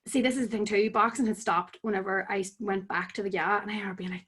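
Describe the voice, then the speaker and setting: A woman's voice: medium pitch, fairly even intonation, fast, hardly any pauses, fairly bright tone, breathy edge. Chatty young Northern Irish woman. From Tyrone, Northern Ireland. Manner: chatty, full of "like" fillers. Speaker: podcast guest, amateur boxer. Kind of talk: casual chat.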